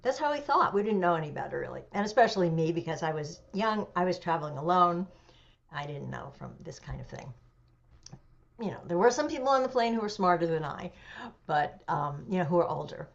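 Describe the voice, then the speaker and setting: A woman in her seventies speaks with a somewhat low voice as an interview guest. She tells her story with animation, pausing and using fillers, and the recording sounds dull and lo-fi. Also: expressive, gravelly. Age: 70s. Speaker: interview guest, memoir author. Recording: dull lo-fi audio.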